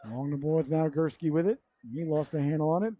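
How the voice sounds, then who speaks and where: A man's voice: a little high, quick pace, dark tone. A man calling a youth hockey game play by play, chatty and rambling, full of side stories and self-corrections. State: yawning, running out of breath. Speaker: play-by-play commentator. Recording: dull, lo-fi local broadcast audio.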